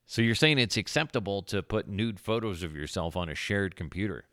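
A man hosting a podcast with a low, gravelly voice full of vocal fry. He rambles through stories with crude jokes and plenty of fillers. The sound is dry and close to the mic. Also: animated, a little fast, sharp tone, dry recording. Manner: jokey, rambling, crude humor, frequent fillers. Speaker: podcast host. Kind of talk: casual rambling storytelling monologue.

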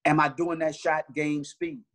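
A man's voice: on the high side, very animated, measured pace, gravelly, a bit bright. A middle-aged man, a basketball trainer, telling stories in a casual interview with earnest, repeated restarts.

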